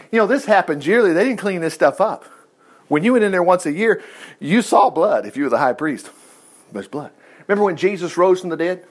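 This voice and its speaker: A man teaching the Bible in a loose, conversational sermon. His voice sits high and swings widely in pitch as he jumps between reading verses and excited side comments. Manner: animated, reads scripture aloud with folksy asides. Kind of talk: informal Bible study sermon.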